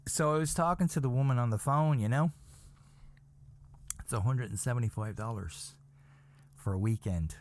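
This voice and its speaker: A man hosting a podcast, telling a comedic story in a profane, rambling, animated way, acting out his own panic. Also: medium pitch, no echo. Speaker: podcast host.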